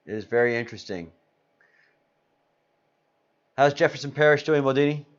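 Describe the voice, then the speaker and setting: A man hosts a casual live stream in a loose, rambling way, stopping often to greet viewers from the chat. His voice sits in an ordinary middle pitch. The audio is a little dull and lo-fi. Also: moderate pace, clean tone. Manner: rambling, reads chat names aloud. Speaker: livestream host. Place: Spain.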